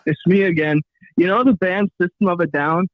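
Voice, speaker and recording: A man's voice: high-pitched, fairly quick, no echo, phone-quality sound. A man calling in to a live show, hesitant and filling gaps with ums. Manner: hesitant, with many fillers. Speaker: caller. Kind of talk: casual call-in chat.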